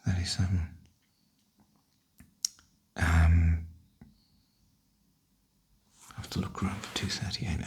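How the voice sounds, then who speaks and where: An older man, softly half-whispering a wry, chatty ASMR ramble. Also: deep voice, flat delivery, takes it slowly, long pauses, slightly rough. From northern UK. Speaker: ASMR host.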